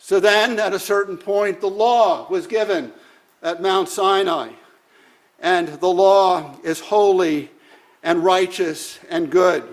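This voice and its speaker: Slow, high-voiced male preacher. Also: fairly bright tone. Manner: measured, deliberate, with many "uh" fillers. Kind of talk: sermon.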